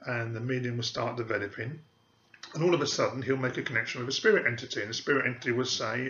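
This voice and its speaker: A man hosts a podcast as a psychic medium, speaking emphatically and with open scorn for frauds. His voice is bright and forceful. The recording is roomy and a little muffled. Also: medium pitch, fast. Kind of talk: podcast monologue. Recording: echoey room, dull audio.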